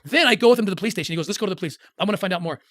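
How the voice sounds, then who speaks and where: Earnest middle-aged guy telling a story in an interview, talks fast, trips over his words, dry room. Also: sits high, animated, a bit bright, no echo. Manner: earnest, halting with restarts, acts out quoted voices. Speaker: interview guest. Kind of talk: emotional personal storytelling.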